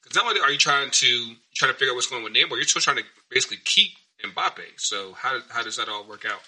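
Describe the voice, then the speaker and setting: A man's voice: medium pitch, lively intonation, quick pace, sharp tone, husky, low-quality recording. A man in casual chat who laughs often and asks long, rambling questions.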